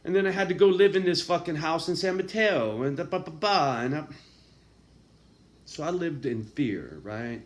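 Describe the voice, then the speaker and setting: A fairly high-voiced man venting straight to camera in a confessional monologue. He swears constantly and sounds raw and emotional. He drops low and quiet, then flares up loud and angry. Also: lively intonation, moderate pace. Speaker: vlogger.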